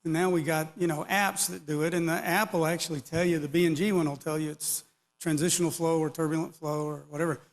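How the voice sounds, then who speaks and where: This conference speaker, a middle-aged or older man, talks fast in a slightly high voice with fairly even intonation. His technical talk to the audience is loose and rambling, sprinkled with jokes, and the recording carries a long hall reverb.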